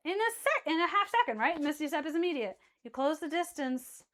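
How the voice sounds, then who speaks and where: High-pitched woman dming a tabletop game, casual and sweary, restarts her sentences a lot. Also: fairly bright tone. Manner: casual, swears freely, self-correcting. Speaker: game master.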